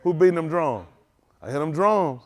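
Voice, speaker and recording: A man pastor leading a livestream, with a slightly high voice. He trades playful banter with viewers by name, then shifts into earnest, halting teaching full of fillers. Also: expressive. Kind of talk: livestream greeting and sermon.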